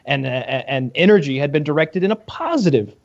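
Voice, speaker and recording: American man, deadpan, casual comedic chat, a bit high, lo-fi dry audio. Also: fairly quick, vocal fry, no room sound. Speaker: podcast co-host.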